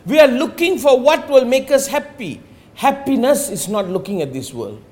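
A man teaching about meditation in an emphatic, rhetorical way. He slows down on key phrases, sometimes drops to a near-murmur, and keeps asking "you understand?". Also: extremely high pitch, big pitch swings, darkish tone. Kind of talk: spiritual talk.

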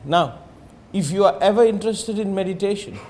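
A man teaching about meditation in an emphatic, rhetorical way. He slows down on key phrases, sometimes drops to a near-murmur, and keeps asking "you understand?". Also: high-pitched, a little mellow. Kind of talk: spiritual talk.

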